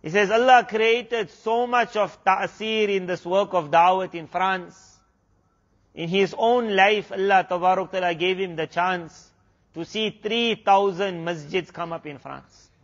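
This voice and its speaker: South African male preacher telling a story, high voice, muffled recording. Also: a bit bright. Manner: retells a story with many quoted exchanges. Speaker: Islamic preacher. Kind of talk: storytelling sermon.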